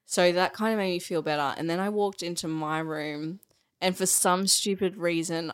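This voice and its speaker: A woman's voice: lowish voice, steady tone, moderate pace, clear, resonant tone. Tearful mum laughing through her tears. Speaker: podcast co-host, mother. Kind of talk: emotional casual chat.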